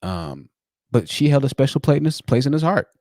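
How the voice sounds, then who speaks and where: A man hosting a livestream call-in show, telling stories in a chatty, animated way and laughing at his own jokes. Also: mid-range voice, a little fast, no room sound, clean studio sound. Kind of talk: livestream commentary and storytelling.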